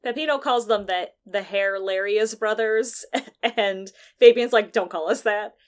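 A woman co-host chats in a relaxed, unscripted way as she recaps a story. She laughs easily and keeps the conversation light. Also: medium pitch, measured pace, smooth. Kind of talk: casual chat about a video game.

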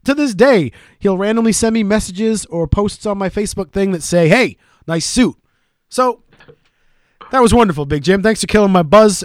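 A man's voice: high voice, dry recording, studio quality. A man co-hosting a podcast, telling stories in casual, profane banter. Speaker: podcast co-host.

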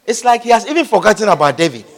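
A man's voice: high-pitched, animated, rapid-fire. A man preaching a sermon, emphatic and repeating his phrases, calling out amen, recorded in an echoey church hall.

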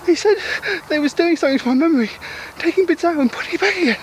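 A woman's voice: very high-pitched, animated, fast talker, slight background noise, rough recording. A woman playing a frightened man whose memory is falling apart, in an amateur audio drama, talking in panicky, tearful bursts. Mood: panicked. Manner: breathless, panicky, tearful pleading. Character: confused frightened man losing his memory.

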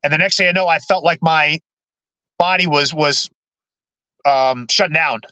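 A man, a podcast guest, telling his own story candidly in halting speech full of restarts and repeated words. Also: on the high side, bright, forceful tone, dry recording, rough recording.

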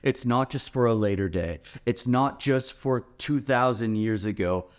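A man's voice: mid-range voice, measured pace, clean tone. A man preaching a sermon as pastor, in an earnest, emphatic way.

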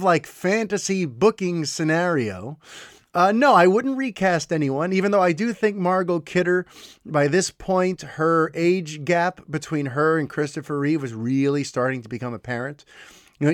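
Podcast host, male, fairly high voice, enthusiastic and chatty, dry close sound. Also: no room sound. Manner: enthusiastic, chatty, with fillers and restarts. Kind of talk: casual commentary.

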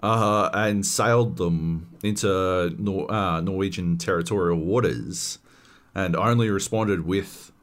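A man hosting a podcast, chatting casually and swearing freely as he tells an animated story. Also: sits low. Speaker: podcast host. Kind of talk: casual chat.

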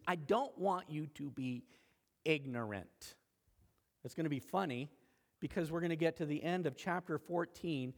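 A middle-aged man, a pastor, preaching a sermon in a chatty way, now and then rising sharply in pitch and loudness. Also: long reverb tail. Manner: conversational preaching with sudden rises in pitch and volume.

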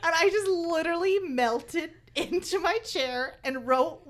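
A woman hosting a casual book-club chat, excitable and quick, breaking into laughter. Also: very high voice.

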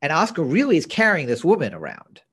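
A man's voice: on the high side, wildly swooping pitch, fast talker, a bit bright, husky. A man co-hosting a podcast, recapping a TV episode in casual chat with blunt opinions. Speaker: podcast co-host.

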